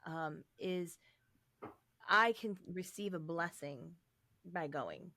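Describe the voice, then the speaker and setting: A middle-aged woman hosting a faith podcast, telling a personal story in an earnest, heartfelt way with soft fillers. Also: on the low side, slow pace, no echo. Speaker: podcast host. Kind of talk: casual faith podcast conversation.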